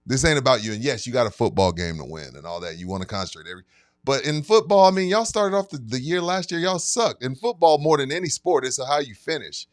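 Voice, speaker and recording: A man's voice: medium pitch, very animated, fast, dry recording, clean studio sound. A man co-hosting a sports podcast, ranting in an emphatic, heated way. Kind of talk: casual sports chat.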